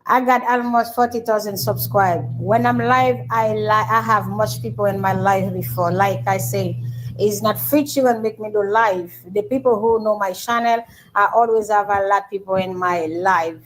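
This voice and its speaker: A woman's voice: mid-range voice, fairly even intonation, moderate pace, noisy background. A woman with a Haitian Creole accent hosting a casual livestream, answering viewer comments in broken English mixed with Creole. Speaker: livestream host.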